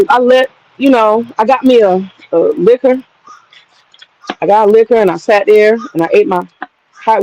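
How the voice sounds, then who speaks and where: Over poor audio, a woman streamer with a mid-range voice spins a story for her viewers in loose, casual talk. Lively and profane, she swears freely and wanders into side remarks, all while her hands stay busy with some task.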